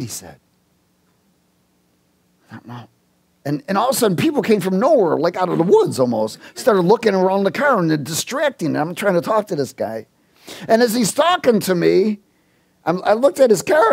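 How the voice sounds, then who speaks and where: A male preacher with a lively, swooping voice that rises and drops a lot as he tells a story from the pulpit. He acts out the voices in his story and keeps stopping to restart or chuckle. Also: high voice, moderate pace, creaky, breathy edge. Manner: animated storyteller, acts out dialogue. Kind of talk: sermon with personal story.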